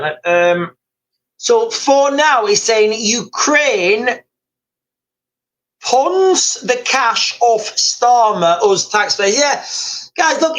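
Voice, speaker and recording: A man's voice: sits high, fairly bright tone, rough recording. A British man hosting a livestream, chatting through the news in a rambling, casual way and often saying "guys" and "like". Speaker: livestream host. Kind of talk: live-stream news commentary.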